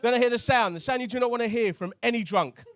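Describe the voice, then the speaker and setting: A man's voice: very high voice, quick pace, a little hiss or hum. A male stand-up comedian, chatting with and teasing a live crowd from a club stage.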